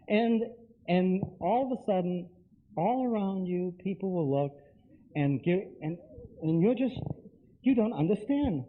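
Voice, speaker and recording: A man's voice: high-pitched, sing-song, a little slow. A man giving a live lecture to an audience, talking emphatically and straight to them with repeated phrases. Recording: tinny lo-fi lecture recording.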